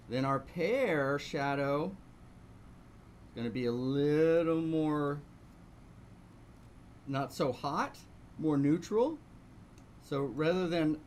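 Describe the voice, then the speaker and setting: A man whose voice is a little high instructs a live online painting session, describing each step and tossing out rhetorical questions. The recording has slight background noise.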